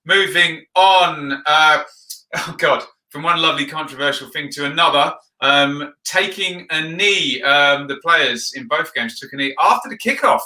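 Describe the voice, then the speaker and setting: A man hosts a football video, rambling casually and saying "um" a lot as he reads viewer comments aloud. His voice is fairly high, bright and forceful, and a little slow. The recording has a roomy echo.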